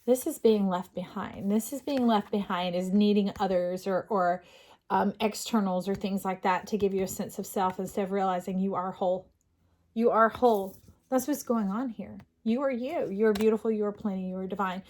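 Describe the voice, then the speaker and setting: A woman's voice: mid-range voice, fairly even intonation, moderate pace, warm tone. A middle-aged woman doing a casual tarot reading, earnest and rambling, with restarts and fillers. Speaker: tarot reader.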